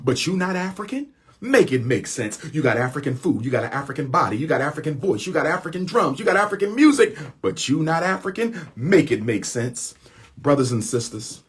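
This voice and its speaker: A man's voice: medium pitch, breathy edge. A man speaking in an impassioned monologue to his followers, using repetition and rhetorical questions in colloquial speech.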